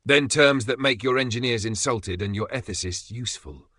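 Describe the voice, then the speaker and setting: A man voicing a calm alien male elder who speaks in a grave, measured way. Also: mid-range voice, no room sound, clean studio sound. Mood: solemn.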